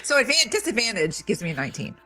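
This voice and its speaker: Bright, animated woman player. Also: mid-range voice, fast talker, faint music behind. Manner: animated, laughing. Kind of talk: tabletop game chat.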